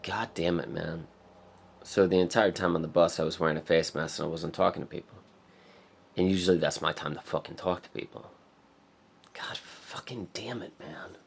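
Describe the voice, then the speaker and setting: A man's voice: a bass voice, creaky. A young man in a raw personal vlog, rambling and swearing in frustration. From America. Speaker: vlogger.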